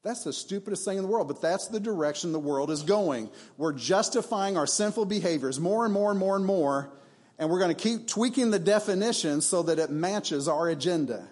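Emphatic conversational preacher, slightly high voice. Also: male voice, animated, a little fast, a little mellow. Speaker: pastor. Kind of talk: sermon. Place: church.

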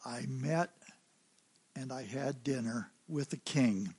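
Slow-talking American preacher man. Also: mid-range voice, darkish tone, slightly rough. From United States. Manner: unhurried anecdotal telling with fillers. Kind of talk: sermon storytelling.

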